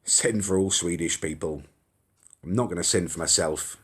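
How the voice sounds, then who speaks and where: This young male host speaks at a moderate pace in a low, slightly rough voice during a casual live stream. He rambles and chats, reads viewers' comments aloud, reacts as they scroll, and swears mildly, all picked up by a phone or webcam.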